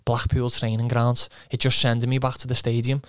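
Young man, casual rambling anecdote, flat delivery, dry close sound. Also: mid-range voice, brisk, no echo. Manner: rambling, swears, quotes himself, laughs often. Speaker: footballer guest.

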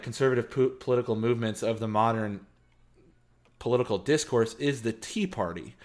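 Brief: male podcast co-host, casual and profane, animated rants, mid-pitch. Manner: animated, swearing, lots of fillers and laughs. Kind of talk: casual political chat.

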